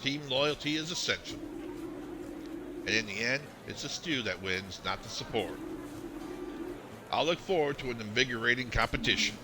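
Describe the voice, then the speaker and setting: A pompous civic man who lives for cooking, as a man puts him on, drawling in a Southern accent with slow, formal phrasing. His pitch rolls up and down with a lively lilt. Steady game ambience hums clearly behind him. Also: background noise, natural voice. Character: pompous male townsman who loves cooking.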